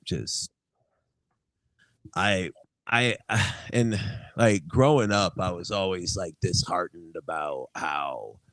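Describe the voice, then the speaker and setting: A man's voice: deep voice, slow, pauses often, a bit bright, dry recording. A young adult man, a guest musician, telling stories in casual chat, laughing often and swearing freely.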